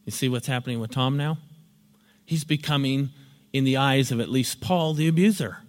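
A man's voice: medium pitch, moderate pace. A man giving a lecture in a storytelling, explanatory manner. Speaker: teacher. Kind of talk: spoken lecture with acted examples. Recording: long hall reverb.

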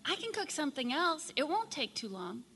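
Brief: woman volunteer voicing worn-out housewife, bright tone, sharp when pushed, slight room reverb. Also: high-pitched, sing-song, a little fast, exaggerated voice. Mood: placating. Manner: appeasing then sharp-tongued. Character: weary housewife defending herself to husband. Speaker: workshop volunteer reader. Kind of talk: reading a scripted dialogue aloud. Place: sunlit meeting room.

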